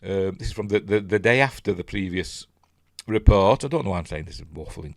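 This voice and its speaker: A man's voice: low-pitched, expressive, brisk, vocal fry, dry recording, clean studio sound. A man with a Yorkshire accent giving casual news commentary, chatty and rambling, with lots of tag questions. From Yorkshire, England. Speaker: news vlogger.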